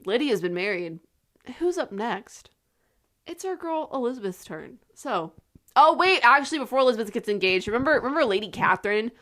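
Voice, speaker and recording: A woman's voice: on the high side, sing-song, brisk, fairly bright tone. Chatty, giggly young woman. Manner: chatty, giggly, quotes characters in playful voices. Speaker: podcast co-host. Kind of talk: casual chat recapping a movie.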